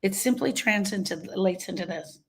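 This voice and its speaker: Husky woman giving an emphatic pep talk. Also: medium pitch, measured pace. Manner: emphatic, repeats phrases, acts out quoted voices. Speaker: grief coach. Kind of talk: motivational live talk.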